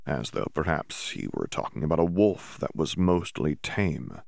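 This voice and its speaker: A man reading a serialized story as audiobook narrator in a steady, measured way. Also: rumbling low, creaky, dry recording, studio quality. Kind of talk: scripted narration.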